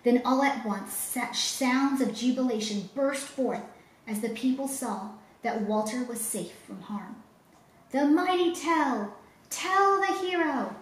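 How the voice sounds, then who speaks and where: Expressive woman reading a story aloud. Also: mid-range voice, slight background noise. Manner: expressive, dramatic. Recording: roomy echo, faint ambience.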